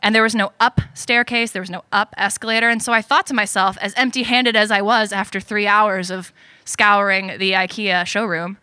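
A young woman telling a personal story on stage at a story slam, animated and self-deprecating. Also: mid-range voice, normal speed, smooth, no room sound.

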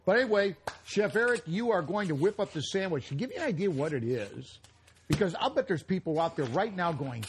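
A man's voice: a little high, expressive, normal speed, a little hiss or hum. A man co-hosting a live radio cooking show, joking and rambling in casual banter. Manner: jokey, rambling, coughing now and then. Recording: live remote broadcast at a retail store.

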